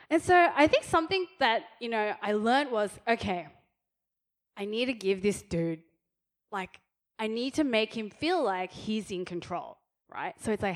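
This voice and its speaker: Chatty woman preaching, fairly high voice. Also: animated, moderate pace. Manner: chatty, laughing, repeats "okay?". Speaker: pastor's wife, speaker. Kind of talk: sermon.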